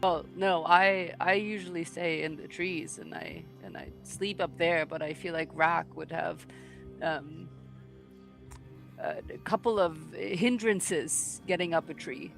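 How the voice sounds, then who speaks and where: A woman playing a tabletop game, who talks in an excited, playful way and often stammers. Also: fairly low pitch, unhurried, creaky, faint music behind. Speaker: player. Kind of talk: in-character tabletop play.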